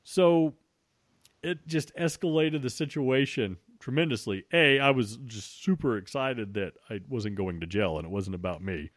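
Cleanly recorded in a dry studio, a man with a medium-pitched voice tells a story at a moderate pace. He cusses freely, restarts sentences often, and retells events with animation.

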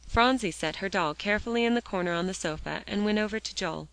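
A woman reading a children's novel aloud in steady storybook narration. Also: lowish voice, moderate pace, hardly any pauses, dry recording, low-quality recording. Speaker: audiobook reader.

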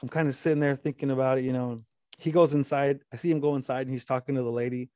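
This man talks fast in a steady, mellow voice, spinning a long story in casual conversation with plenty of profanity and frequent restarts. When he quotes the other man, he does so at length in a low voice. It's a clean studio recording with no room sound.

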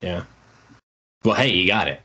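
Lowish-voiced guy running a trivia game on a podcast, easygoing, reads quotes out. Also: lively intonation, unhurried, sharp tone, husky, lo-fi sound. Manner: reads trivia questions and quoted promos, laughs easily. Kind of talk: casual chat.

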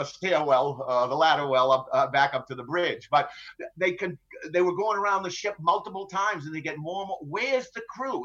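A middle-aged ship captain with a slightly bright, higher-leaning voice recounts being taken hostage, matter-of-fact and dryly funny, with many fillers and restarts. It's a conversational storytelling interview captured in dull lo-fi sound.

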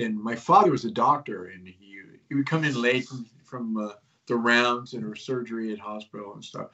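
A man who hosts his own show appears as a guest in a casual interview, telling rambling, conspiratorial stories full of fillers. His voice is medium-pitched and a bit bright, with lo-fi sound.

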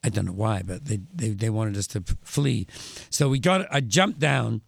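An older man with an English accent tells his stories with dry wit, stopping and restarting mid-thought. His voice has a gravelly rasp, and it sounds close to the mic in a dead, dry room. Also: on the low side, no room sound. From England. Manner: measured, wry anecdotes with frequent restarts. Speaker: guest, author and musician. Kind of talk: conversational storytelling interview.

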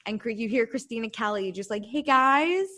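A woman's voice: medium pitch, slight background noise. A woman co-hosting a casual chat, recapping a reality show and acting out the cast's lines. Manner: animated, acts out quotes in quick bursts. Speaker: recap podcast co-host.

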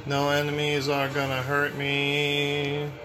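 A man giving profane, excitable let's play commentary, muttering to himself and yelling when he panics. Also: a little high, takes it slowly, over music. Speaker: gameplay streamer.

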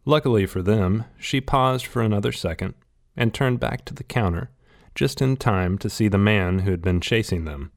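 Deep-voiced man narrating a story. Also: normal speed, vocal fry. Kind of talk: scripted audiobook narration.

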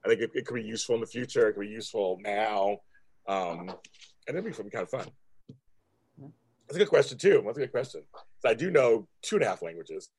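A man in his fifties from California, hosting a casual chat and talking in a rambling, halting way with many restarts. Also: fairly low pitch, animated, a little mellow, husky. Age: 50s. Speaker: host.

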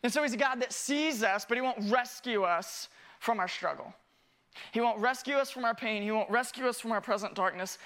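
A man preaches from a church stage with a bright, forceful voice. He tells animated stories and often pokes fun at himself before turning to the sermon's point. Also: very high-pitched, fairly quick. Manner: animated, self-mocking, acts out scenes. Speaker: family discipleship pastor. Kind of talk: sermon with personal storytelling.

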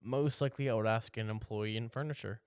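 A man's voice: on the low side, fairly even intonation, quick pace, smooth, dry recording, studio quality. A young man co-hosting a podcast, joking and bantering playfully in casual chat. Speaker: podcast co-host.

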